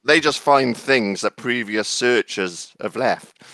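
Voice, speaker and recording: A man's voice: mid-range voice, slow, pushed and bright, dry recording. A man co-hosting a casual chat over TV clips, making dry, skeptical remarks. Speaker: co-host.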